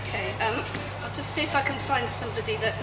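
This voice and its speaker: A woman clowning on a live stage, talking in a soft, calm, coaxing way, recorded from far off in an echoey festival marquee. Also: fairly high pitch, quick pace, over loud music. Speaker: clown performer. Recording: echoey tent from far off, noisy.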